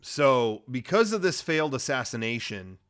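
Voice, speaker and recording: A man co-hosting a comedy podcast, retelling a movie plot in a casual, rambling, profane way, at a middle pitch. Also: big pitch swings, normal speed, fairly bright tone, smooth. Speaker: podcast co-host.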